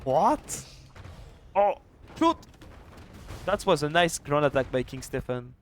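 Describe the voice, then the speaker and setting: A man casting a live strategy game match, chatty and excitable, with quick restarts. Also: on the high side, a little hiss or hum. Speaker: esports caster and streamer. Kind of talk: live video game commentary.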